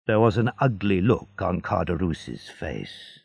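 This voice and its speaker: A man narrating a storybook in a measured, expressive reading. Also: low voice, gravelly, breathy edge, dry recording, clean studio sound.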